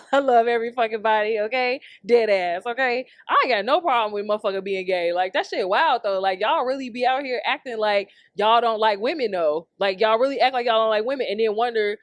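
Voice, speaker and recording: A woman's voice: a little high, a little fast, no echo, clean studio sound. A young adult woman hosting a podcast, delivering a heated, profanity-packed comedic rant with frequent laughter. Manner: brash, heated, swears constantly, laughs often. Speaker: podcast host.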